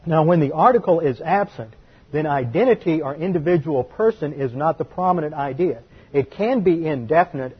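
A man giving a Bible study lecture, explaining patiently and slowing down to stress key words. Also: a little high, breathy edge, dull audio. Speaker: Bible teacher.

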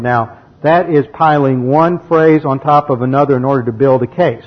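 A man's voice: medium pitch, normal speed, husky. A man teaching the Bible verse by verse, methodically explaining the grammar and reading passages aloud. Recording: dull lo-fi recording.

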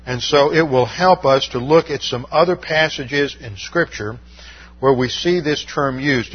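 A man teaches Scripture verse by verse in a measured, methodical way, pausing on Greek words and filling gaps with "uh." His voice is husky and mid-pitched. The recording sounds dull and lo-fi. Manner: methodical, explains Greek terms, frequent uh fillers. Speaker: Bible teacher.

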